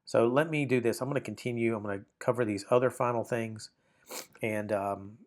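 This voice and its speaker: A man with a mid-range voice and fairly even intonation teaches a Bible Greek lesson at a brisk clip. He walks through the textbook step by step, reading passages aloud and saying "um" often.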